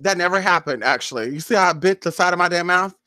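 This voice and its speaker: A woman telling a rambling, animated story to her viewers, cursing freely and acting out her own reactions with loud exclamations. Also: lowish voice, fast, dry recording. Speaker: spiritual vlogger.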